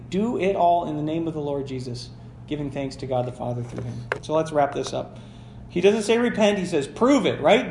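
A man's voice: high voice, a little hiss or hum. A man preaching a sermon as pastor, reading scripture and asking the congregation questions with rising emphasis. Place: church sanctuary. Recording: echoey church with faint ambience.

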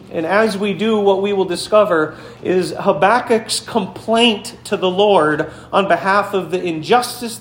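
High-voiced man preaching in an echoey room. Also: slight background noise. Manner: conversational storytelling, speaks to the congregation directly. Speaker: pastor. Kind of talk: sermon. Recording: echoey room, faint background ambience.

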